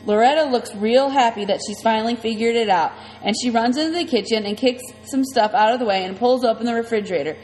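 A woman's voice: fairly high pitch, quick pace, few pauses, darkish tone, in a large hall, faint music behind, rough recording. A woman reading a first-person story aloud in a plain, conversational way. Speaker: audiobook narrator.

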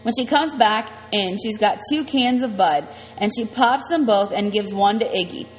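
A woman's voice: medium pitch, normal speed, big-room sound, rough recording. A woman reading a first-person story aloud in a plain, conversational way. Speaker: audiobook narrator.

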